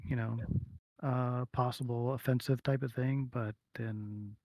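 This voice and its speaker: A man's voice: medium pitch, steady tone, a little slow, a little mellow, dry recording. A man narrating as game master of a streamed tabletop game, rambling with fillers and humming to himself. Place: home streaming setup.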